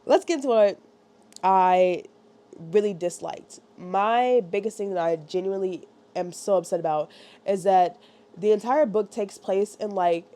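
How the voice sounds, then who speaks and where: A woman reviewing a book in a loose, chatty way, piling up asides and quick check-ins with her audience. Her voice sits at an ordinary pitch with a warm, mellow tone. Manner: animated, rambling, lots of "like" and "right?".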